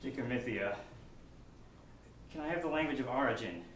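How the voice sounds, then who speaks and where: A man's voice: mid-range voice, lively intonation, moderate pace. A man playing a spelling bee contestant in a live sketch on a theater stage, stalling with eager questions. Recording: echoey hall from far off, with noise.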